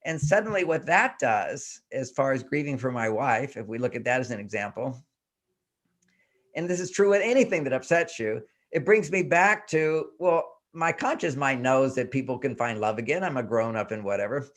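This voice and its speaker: An older man appears as a guest relationship expert on a talk show, explaining things earnestly in a mid-range, animated voice that is slightly bright and moves at normal speed. He keeps questioning himself with rhetorical questions, acting out his inner voices along the way.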